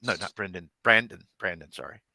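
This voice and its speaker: A man narrates a tabletop game as its game master, his voice bright and forceful. He talks in halting bursts, correcting names as he goes. The sound is dry and close, with little room around it. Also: deep voice, gravelly, dry recording, poor audio. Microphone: desk mic on a live stream.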